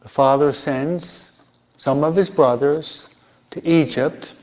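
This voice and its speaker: A man's voice: a little high, steady tone, takes it slowly, darkish tone. A man giving informal Bible teaching who asks his listeners rhetorical questions and repeats key points for emphasis. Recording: dull lo-fi recording.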